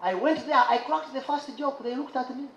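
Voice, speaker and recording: Very high-voiced comedian on stage. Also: male voice, moderate pace. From Uganda. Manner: animated storyteller, exclaims and imitates laughter. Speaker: stand-up comedian. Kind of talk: stand-up comedy set. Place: live comedy show stage. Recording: roomy live venue with audience.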